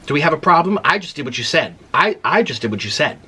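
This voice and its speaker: A woman's voice: sits low, very animated, fast talker, pushed and bright, slight background noise, exaggerated voice. A man putting on a curt drive-thru worker woman. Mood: defensive.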